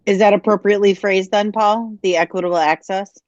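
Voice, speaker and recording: A woman on a school planning call, speaking in a thoughtful, measured way. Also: medium pitch, steady tone, dry recording, highs cut off. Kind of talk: planning group discussion.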